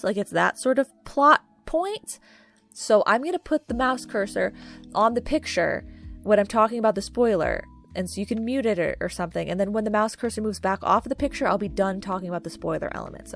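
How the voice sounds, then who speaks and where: Chatty woman, faint music underneath. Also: mid-range voice. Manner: chatty, gushing, many fillers. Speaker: video creator ranking movies. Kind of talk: casual chat to camera. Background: faint background music.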